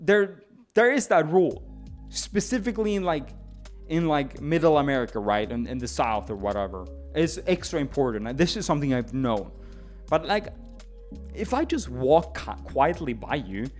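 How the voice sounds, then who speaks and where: A man's voice: fairly high pitch, moderate pace, soft background music. Rambling slightly drunk male streamer. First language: not English. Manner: rambling, animated, frequent restarts and stammers. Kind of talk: casual storytelling to stream chat.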